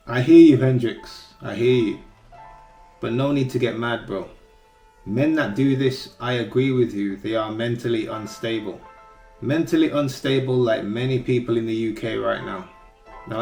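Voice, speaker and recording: A man's voice: mid-range voice, gravelly, darkish tone, reverberant. A man hosting a reaction commentary, speaking earnestly and giving advice on relationships. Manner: earnest, advising tone. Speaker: commentary host.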